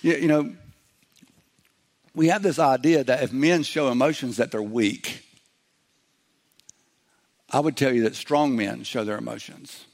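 Gravelly-voiced male pastor preaching. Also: mid-range voice, measured pace, long pauses, darkish tone. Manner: conversational preaching, acts out little quoted voices. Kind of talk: sermon.

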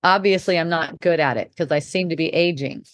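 A woman's voice: low voice, a little fast, dry recording. A middle-aged woman hosting a casual spiritual talk, candid and rambling, laughing often and swearing freely. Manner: rambling with restarts. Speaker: podcast host.

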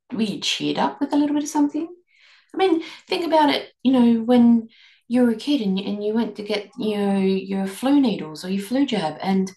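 A woman hosting a reflective podcast, leading listeners through a string of gentle questions. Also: fairly high pitch. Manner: asks many guiding questions, gentle restarts. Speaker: podcast host and eating coach. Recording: echoey room.

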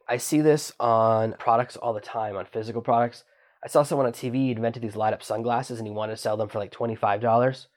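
A man teaching online selling at a quick clip. He keeps it chatty and conversational, and he lifts his voice to act out what customers and sellers say. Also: mid-range voice, a little mellow. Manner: quick, chatty, acts out quoted lines in a raised voice. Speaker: online business instructor. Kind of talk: teaching monologue.

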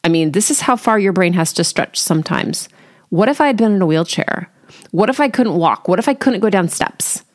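A woman's voice: medium pitch, animated, fairly quick. A middle-aged woman hosting a solo podcast, chatty and candid with a wry, self-deprecating manner. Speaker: podcast host. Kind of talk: casual solo podcast talk.

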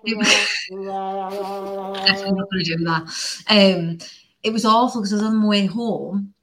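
A woman in her thirties from Northern England hosts a podcast in a mid-range voice at normal speed. She chats casually, rambling through stories with plenty of fillers.

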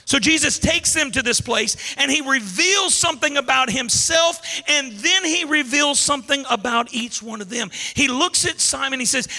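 A man preaches a sermon in a casual, animated way, wandering off on side paths and building up to shouts. His voice is very high and bright, with a sharp, tense edge. A long reverb rings around him in a large hall. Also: normal speed, few pauses.

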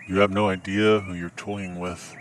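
A man putting on a low, soft, threatening tough-guy voice for a prank phone call. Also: flat delivery, normal speed, a little hiss or hum, natural voice. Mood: menacing. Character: grave menacing male avenger on a phone call.

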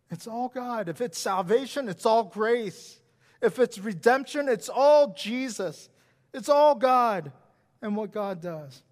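High-pitched guy preaching slow, loud then whispery, big echoey church sound. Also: animated. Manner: dramatic swings from loud emphasis to hushed whispers; repetitive emphatic phrasing. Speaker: pastor. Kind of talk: sermon. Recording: long reverb of a large hall.

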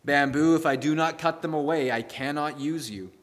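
A man voicing the grave, loving master of a garden in a spoken fable, talking slowly and solemnly with a long hall echo behind him. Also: on the high side, natural voice.

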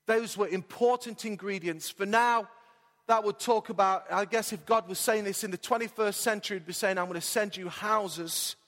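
A male pastor preaching a sermon, emphatic and repetitive, slowing down to stretch out his key lines. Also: high voice, fairly bright tone. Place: church hall. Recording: long reverb of a church hall.

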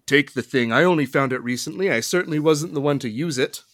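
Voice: mid-range voice, fast, a bit bright, no room sound, clean studio sound, close to an everyday voice. A podcaster voicing a smug male captor delivering drawling threats.

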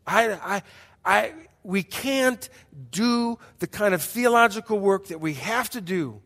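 A middle-aged male pastor preaching a sermon as a story, emphatic and repetitive, dropping to hushed passages between bursts. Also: high-pitched, expressive, slow pace, creaky. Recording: long hall reverb.

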